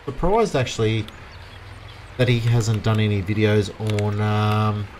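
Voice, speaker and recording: This Australian livestreamer rambles casually about the farming game he's playing and chats with those watching. His voice is lowish and darkish in tone, a little slow, with a faint hiss or hum.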